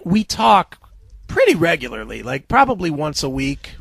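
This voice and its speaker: A man's voice: a little high, huge pitch swings, moderate pace, creaky, fairly bright tone, slightly rough, no echo. Laughing, foul-mouthed radio host man. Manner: blunt, laughing, swears freely. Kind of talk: casual profane radio banter.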